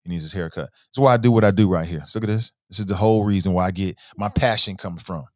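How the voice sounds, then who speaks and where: A man's voice: low-pitched, fast, no room sound. Conversational male host, dry close sound. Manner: conversational, reads viewer comments aloud, often starts with "uh"; animated, stressing words as he argues points. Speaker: talk show host. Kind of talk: casual livestream commentary.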